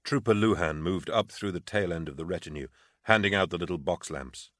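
An audiobook narrator with a deep voice reads a novel in a measured, even storytelling manner. The scripted narration is recorded dry, with clean studio sound.

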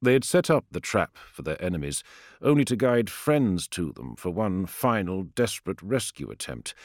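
A man narrating an audiobook in a measured, grave storytelling manner, recorded on a close studio microphone. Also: fairly low pitch, no room sound. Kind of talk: scripted dramatic narration.

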